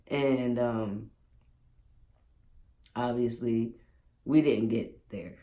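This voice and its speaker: A man's voice: medium pitch, drawn-out words, warm tone. A young man vlogging at home, telling a personal story in a candid, emotional way with many fillers.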